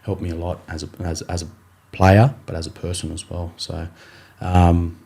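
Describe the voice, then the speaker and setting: Deep-voiced Australian footballer telling his story. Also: level tone, moderate pace, vocal fry, dark tone. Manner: rambling, many fillers and restarts, acts out his coach in quotes. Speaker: rugby league player, podcast guest. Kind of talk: casual storytelling interview.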